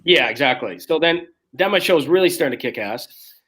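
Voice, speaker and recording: A man in his forties, a comedian guest telling rough, profane stories on a video call and acting out the quotes. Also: a little high, animated, a bit bright. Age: 40s. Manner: rapid, profane storytelling that acts out quotes. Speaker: guest, street performer and comedian. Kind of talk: casual podcast chat.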